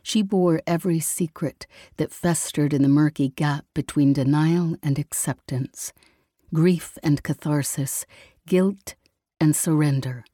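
Woman narrator, scripted storytelling, low voice, mellow tone. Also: dry recording, clean studio sound. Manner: slow, even storytelling. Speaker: audiobook narrator.

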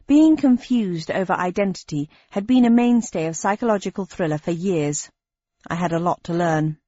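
Woman audiobook narrator, measured and wry, mid-pitched voice, dry, dull recording. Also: warm tone, dry recording. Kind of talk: scripted narration.

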